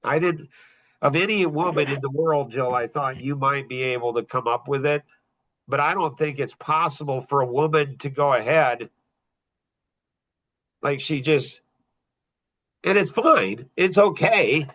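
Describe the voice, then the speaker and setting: A man's voice: medium pitch, a little slow, long pauses, fairly bright tone. A middle-aged man hosting a podcast in casual talk, blunt and rambling, often repeating himself. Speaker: podcast host.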